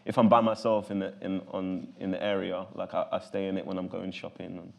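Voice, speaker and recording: A man's voice: deep voice, little pitch movement, fairly quick, gravelly. A man in his thirties with a London accent, talking loosely as an interview guest, full of fillers and restarts. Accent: London English. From London, England. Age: 30s. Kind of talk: casual interview talk.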